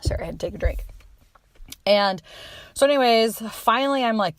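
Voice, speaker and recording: A woman's voice: mid-range voice, moderate pace, clean tone, dry recording. Chatty woman telling a story, dry sound. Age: 30s. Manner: chatty, frequent "like" fillers, swearing; animated, acts out her own quoted lines. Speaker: podcast host. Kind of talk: casual storytelling monologue.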